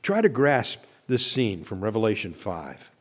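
A man's voice: huge pitch swings, measured pace, slightly rough. Earnest male pastor preaching. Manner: earnest, leads the congregation in recitation, drops to a soft low voice at phrase ends. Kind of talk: sermon.

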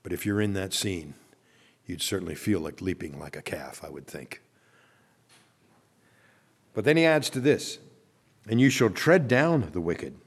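A man preaching a sermon as pastor. He speaks earnestly, reads long scripture passages aloud, and lets his voice drop soft and low at the ends of phrases.

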